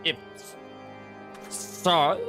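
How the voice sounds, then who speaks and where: A man voicing a drunk French observatory keeper with a put-on French accent, rambling and halting with slurred pauses. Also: music in the background. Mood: tipsy, rambling.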